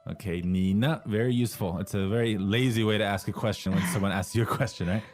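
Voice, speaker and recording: A man with a mid-pitched voice co-hosts a language lesson. He talks casually, asks guiding questions, and has soft music behind him. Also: fast talker. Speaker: lesson co-host.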